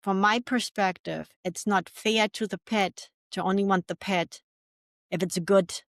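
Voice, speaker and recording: A woman's voice: medium pitch, fairly even intonation, measured pace, no echo, studio quality. A woman co-hosting a podcast, cutting in with direct, earnest points in casual chat. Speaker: podcast co-host.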